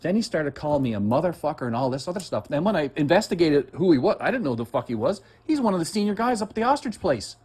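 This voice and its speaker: A man's voice: a little high, big pitch swings, quick pace, hardly any pauses, a little mellow, breathy edge. An agitated man ranting in heated, profane, rambling conversation as he makes a complaint. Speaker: complaining citizen.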